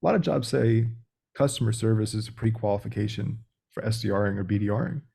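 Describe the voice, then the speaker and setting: A man's voice: on the low side, fast talker, creaky, dark tone, slightly rough. A man speaking as a guest on a podcast interview, blunt and direct in a casual way. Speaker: sales coach guest.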